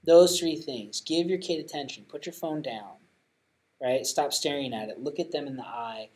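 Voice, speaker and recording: A man's voice: mid-range voice, moderate pace, darkish tone, low-quality recording. Earnest man sharing parenting tips. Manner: earnest, many restarts, rising emphasis on key points. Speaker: podcast co-host giving parenting tips. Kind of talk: casual chat.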